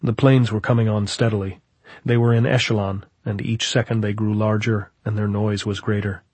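A man narrating a novel in a measured, even storytelling manner. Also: fairly low pitch, breathy edge, no room sound. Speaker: audiobook narrator. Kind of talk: scripted narration.

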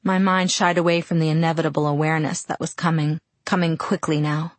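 A woman narrating a first-person novel as an audiobook, in a quiet, measured, somber manner. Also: sits low, level tone, no room sound.

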